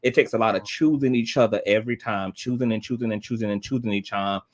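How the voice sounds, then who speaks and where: A man's voice: on the low side, fairly even intonation, fast talker. A man in his thirties hosting a livestream, talking heartfelt and tearful, repeating himself and swearing often. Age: 30s. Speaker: livestream host. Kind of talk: emotional livestream chat.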